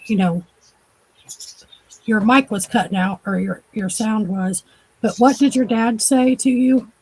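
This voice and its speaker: A woman hosts a casual interview with a husky, slightly breathy voice. She asks her questions in a loose, chatty way and shares her own stories in turn. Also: medium pitch, a little slow, darkish tone, poor audio. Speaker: podcast host.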